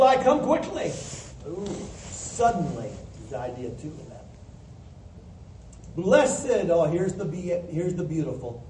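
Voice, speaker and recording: High-voiced preacher in an echoey hall. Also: male voice, mellow. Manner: plain-spoken teaching, acting out quoted voices. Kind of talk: sermon. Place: church hall. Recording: echoey hall from a distance, faint hiss.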